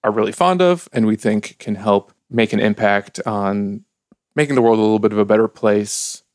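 A man's voice: lowish voice, moderate pace, darkish tone, no room sound, clean studio sound. A man from Ukraine hosting a casual podcast, upbeat and chatty, laughing easily. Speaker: podcast host.

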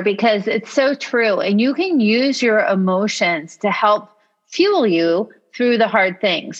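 Female co-host, mid pitch, thoughtful explainer, slightly muffled audio. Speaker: podcast co-host. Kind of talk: casual motivational chat.

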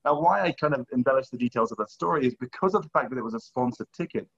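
A man in conversation telling a long story with lively acted-out quotes. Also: medium pitch, rapid-fire, husky, muffled recording. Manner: animated, acts out quoted dialogue. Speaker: guest, skier.

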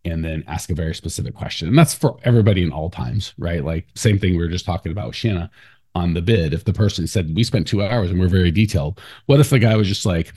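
Male podcast host, low register, casual advice-giving chat with fillers and laughs. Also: quick pace, darkish tone, slightly rough. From United States. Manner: loose, talky, laughs often, lots of fillers.

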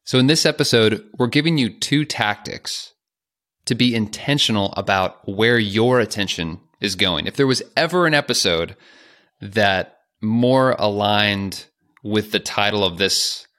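A man's voice: on the low side, measured pace, fairly bright tone. A man co-hosting a productivity podcast, chatting casually with jokey, self-aware asides. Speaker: podcast co-host.

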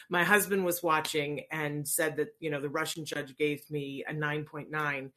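Chatty bright-voiced middle-aged woman. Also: sits low, steady tone, normal speed, few pauses. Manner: chatty, rambling, self-interrupting. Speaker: livestream host. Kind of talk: casual livestream chat.

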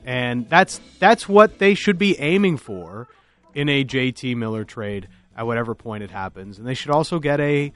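Give me a man co-hosting a podcast, measured and mid-pitched, faint music behind him. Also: expressive, a bit bright. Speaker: podcast co-host, hockey analyst. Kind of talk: casual podcast chat.

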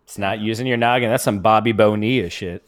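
A man's voice: on the low side, a little fast. A man co-hosting a podcast in casual banter, teasing and laughing often. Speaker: podcast co-host.

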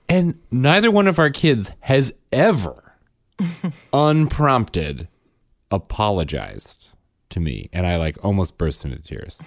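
Deep-voiced man telling a lively story. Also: a little slow, no echo, studio quality. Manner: animated storyteller, acts out quotes, self-correcting. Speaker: podcast co-host, father. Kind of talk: casual storytelling chat.

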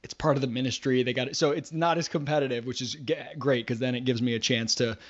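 A man's voice: medium pitch, fast talker. A man co-hosting a casual podcast chat, telling stories and slipping into mocking voices. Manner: animated storyteller, puts on mocking voices. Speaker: podcast co-host. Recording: dull lo-fi sound.

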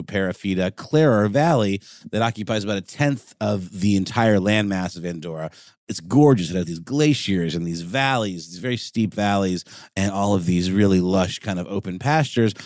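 Low-voiced man co-hosting a chatty podcast. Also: dry recording, clean studio sound. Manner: relaxed, hesitant with fillers. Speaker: podcast co-host. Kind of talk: casual chat.

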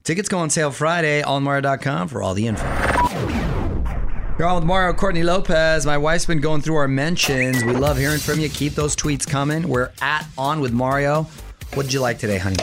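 A man's voice: a little high, fairly quick, music in the background. Upbeat man hosting a radio show. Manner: upbeat, joking, bantering. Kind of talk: casual entertainment radio chat.

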